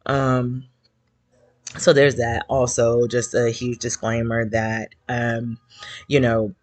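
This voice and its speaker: A man's voice: mid-range voice, flat delivery, slow pace, dry recording. A man hosting a casual livestream from his couch at home. He sounds nervous, his voice is shaky and he fills his talk with many ums. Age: older adult. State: shaky voice from nerves. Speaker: host of a fan support livestream.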